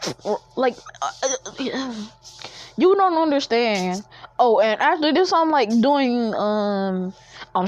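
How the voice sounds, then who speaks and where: A woman's voice: mid-range voice, no room sound. A woman telling a story in casual chat, rambling, with many fillers and restarts. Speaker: fan-fiction storyteller. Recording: dull lo-fi dry recording.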